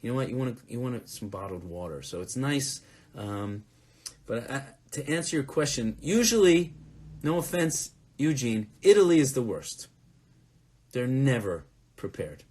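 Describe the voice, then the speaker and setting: A man's voice: mid-range voice, big pitch swings, normal speed, darkish tone. Man, musician, casual fan Q&A, rambling and conversational, mid-range voice. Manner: rambling, conversational, with fillers and restarts. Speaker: touring musician answering fan questions. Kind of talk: casual live Q&A.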